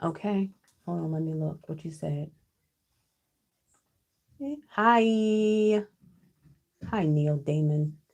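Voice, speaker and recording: Gravelly-voiced woman reading tarot live. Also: low-pitched, drawn-out words, long pauses, darkish tone. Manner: chatty, frequent "okay?" checks with viewers, casual cussing. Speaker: tarot card reader. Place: at home with her child nearby. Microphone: computer.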